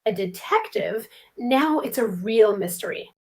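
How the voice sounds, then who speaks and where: High, lively curious female co-host. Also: measured pace. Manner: curious and eager, asks many questions. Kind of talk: scripted lesson dialogue for English learners.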